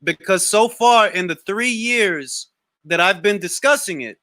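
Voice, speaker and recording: A man's voice: high-pitched, lively intonation, measured pace, pushed and bright, no room sound, clean studio sound. A young man hosting a boxing talk show, answering live questions in a casual, slangy way and often repeating words as he starts a thought.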